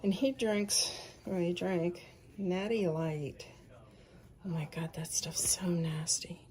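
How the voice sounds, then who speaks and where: A woman in her fifties speaks slowly in a mellow, somewhat low voice. She tells a personal faith testimony, soft-spoken and often dropping into a breathy whisper.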